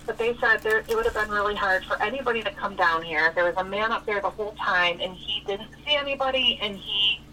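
Woman on the phone telling a story, bright voice, sounds far off on the line, little bit of hiss. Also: medium pitch, fairly quick, hardly any pauses. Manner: chatty, retells dialogue with "I was like". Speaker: caller. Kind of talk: casual storytelling. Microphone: telephone. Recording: phone line, distant and lightly noisy.

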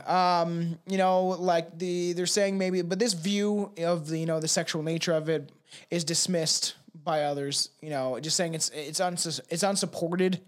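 A man's voice: on the high side, steady tone, measured pace. A man co-hosting a casual true-crime podcast, rambling and profane, reading passages aloud between asides. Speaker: podcast co-host.

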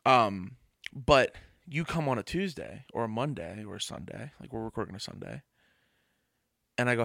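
A man's voice: mid-range voice, moderate pace, vocal fry, no echo. Young male podcast co-host: loose, rambling, profane, close dry mic. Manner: animated, rambling, swears freely. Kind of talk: casual chat.

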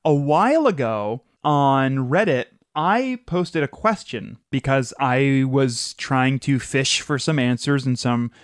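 A podcast host tells stories in a loose, chatty way and mimics the sounds in them. The voice sits at a middle pitch. It comes across dry and close to the mic. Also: takes it slowly, hardly any pauses, no room sound. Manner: chatty, animated storyteller who imitates sounds. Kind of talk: casual storytelling chat.

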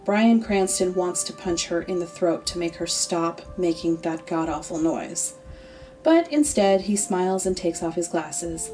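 Deadpan woman narrating a comic story. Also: lowish voice, a little slow. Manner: deadpan, sardonic. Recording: distant mic, faint music.

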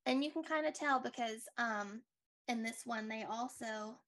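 A woman's voice: a little high, measured pace, a bit bright. A young woman co-hosting a podcast, chatting casually and rambling with lots of likes and restarts. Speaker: podcast co-host. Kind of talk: casual recap chat.

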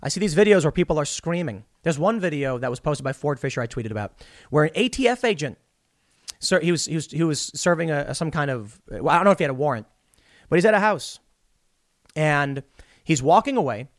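A man's voice: on the high side, sing-song, a little fast, no echo. Blunt man giving commentary, dry sound. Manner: blunt, talks straight to the viewer with a personal take; retells events by acting out quoted dialogue. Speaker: political commentator. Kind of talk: opinionated commentary monologue.

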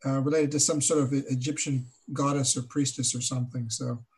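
A man's voice: medium pitch, little pitch movement, a little fast, darkish tone. A man playing a tabletop horror game, rambling and hesitant, with many fillers. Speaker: player. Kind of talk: in-character tabletop play.

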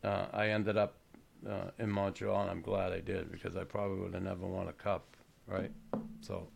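Gravelly older man, halting storyteller. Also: low-pitched, flat delivery, slight background noise. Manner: halting, restarts, plainspoken storytelling. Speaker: retired hockey player, show host. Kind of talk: casual podcast chat.

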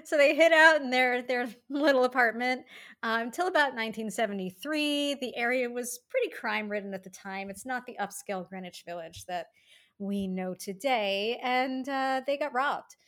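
A woman's voice: fairly high pitch, moderate pace, fairly bright tone. A woman co-hosting a casual history podcast, telling the story in an easy, amused way with frequent laughs. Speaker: podcast co-host.

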